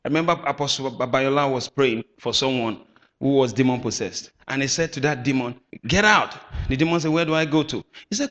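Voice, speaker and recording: A man preaching a sermon with emphatic bursts, shouting at times and calling on the congregation to answer back. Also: medium pitch, fairly quick, highs cut off, slight background noise. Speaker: pastor. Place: church hall. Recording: echoey hall.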